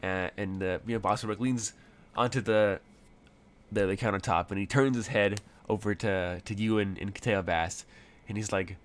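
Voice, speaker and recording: A man runs a tabletop game, narrating in a somewhat low voice. He wanders through his descriptions, full of fillers and restarts. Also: fairly even intonation, normal speed. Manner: rambling, many fillers. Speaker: game master.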